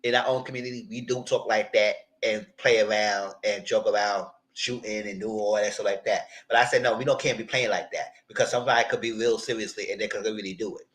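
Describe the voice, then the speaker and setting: A man in a live chat recapping a reality TV show, talking in an animated, outspoken way with lots of slang. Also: fairly low pitch, poor audio. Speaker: reality TV commentator.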